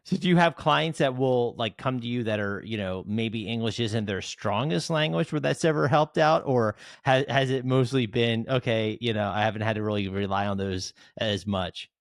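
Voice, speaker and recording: Male podcast host from South Jersey: mid-pitched, rambling and chatty, dry close sound. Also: moderate pace, few pauses, dry recording. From South Jersey, United States. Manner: chatty, rambling, many fillers and restarts. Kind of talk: casual interview chat.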